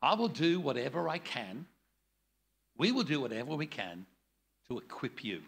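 Gravelly, lively man teaching. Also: medium pitch, normal speed. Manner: blunt, jokey, demonstrates tones of voice. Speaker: preaching trainer. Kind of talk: teaching a preaching workshop.

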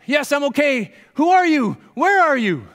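A man voicing a panicked man dangling from a cliff branch, yelling and pleading in a raised, strained voice in an echoey hall. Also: very high-pitched, very animated, a little slow, voice pushed up, heavily acted. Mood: desperate.

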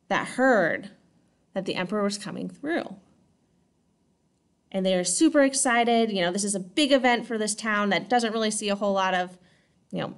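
Woman teacher telling history casually, keeps asking right? okay?, mid voice. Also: mid-range voice. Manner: chatty, checks in with 'right?' and 'okay?'. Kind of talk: casual classroom lecture.

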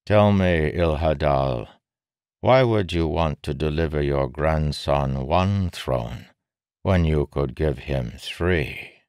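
A sly male king who needles and persuades without ever raising his voice, as a man puts him on. The voice sits very deep and moves unhurried. It sounds like a storybook reading in a dry, close space. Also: no room sound. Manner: smooth, needling, calmly persuasive. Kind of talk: audiobook character voice.

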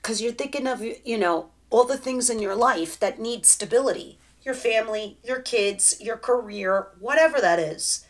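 A woman's voice: fairly high pitch, normal speed, few pauses. Chatty woman giving a tarot reading. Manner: chatty, direct, talks straight to the viewer. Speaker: tarot reader. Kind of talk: casual tarot reading to camera.

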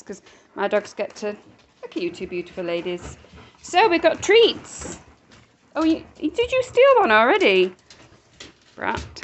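A high-pitched woman speaking slowly, calling each of her dogs by name and handing out treats. She coaxes and scolds in short, firm commands, with a faint hiss of noise under her voice. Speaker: dog rescue carer. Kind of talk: casual vlog talking to dogs.

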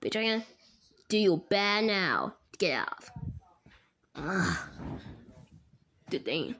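A woman's voice: mid-range voice, big pitch swings, drawn-out words, a bit bright. A woman voicing every character in a goofy plush toy skit, switching between silly squealing voices.

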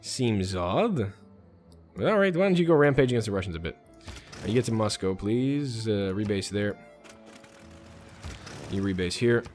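Low-voiced man narrating a strategy game. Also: expressive, normal speed, long pauses, darkish tone, soft background music. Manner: casual, mutters orders to units. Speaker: gaming channel host. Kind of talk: let's play commentary.

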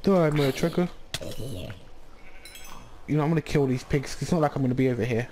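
A man talks over his gameplay in a loose, excitable ramble, often stopping to restart his sentences. His voice sits in a middle pitch. A faint hiss runs under the recording. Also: fast talker. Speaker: gaming channel host. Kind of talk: casual gameplay commentary.

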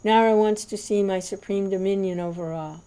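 A man's voice: high-pitched, steady tone, fairly quick, dark tone, clean tone, close to an everyday voice, low-quality recording. A woman reading the lines of a divine male lord who proclaims in a commanding voice from a throne. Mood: proclaiming.

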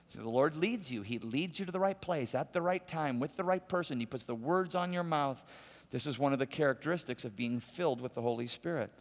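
Male pastor, sermon delivery, emphatic and repetitive, gravelly edge, long hall reverb. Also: a little high, a bit bright. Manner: conversational storytelling, emphatic repetition. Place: large church auditorium.

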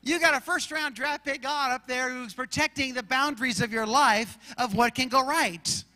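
A man from Arizona preaching a sermon as pastor, telling stories in an animated way and acting out shouts and roars. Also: very high voice, moderate pace, big-room sound. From Arizona, USA.

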